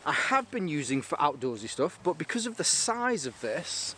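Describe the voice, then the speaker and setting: A man's voice: fairly high pitch, sing-song, normal speed, bright, forceful tone, a little hiss or hum. A man casually reviewing gear on his channel, rambling and enthusiastic, joking and restarting sentences often.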